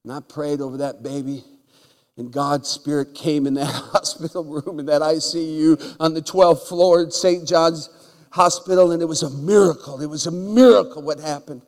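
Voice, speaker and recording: A male pastor preaching a story in a church sanctuary, his voice sitting a little high for a man. He talks in animated swings between loud bursts and soft asides and repeats words as he goes. A long hall reverb trails behind him. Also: normal speed. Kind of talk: storytelling sermon.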